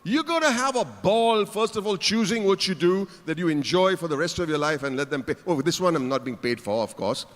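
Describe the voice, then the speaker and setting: A man's voice: high voice, lively intonation, a little fast, few pauses. A man giving a playful keynote speech, teasing the audience from a conference stage. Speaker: keynote speaker. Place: large conference hall stage. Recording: reverberant conference hall.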